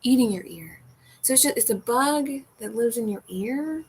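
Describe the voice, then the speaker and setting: A woman's voice: a little high, animated, normal speed, a little hiss or hum, low-quality recording. A woman chatting casually at home during a livestream, rambling, restarting her sentences and sometimes dropping into a whisper. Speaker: streamer reading chat.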